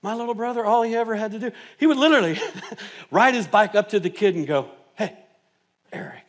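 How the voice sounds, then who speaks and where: A male pastor preaching a sermon in a church, mixing stories and humorous asides, his delivery swinging from hushed to loud and emphatic. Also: high-pitched, quick pace. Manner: humorous, self-mocking asides. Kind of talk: sermon with personal storytelling. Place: church sanctuary.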